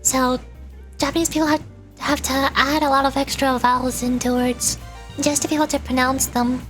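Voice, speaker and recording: Chatty high-voiced young woman streamer. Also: little pitch movement, moderate pace, a bit bright, faint music behind. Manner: chatty, rambling, laughs often. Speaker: VTuber streamer. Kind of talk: casual stream chat and game voice acting.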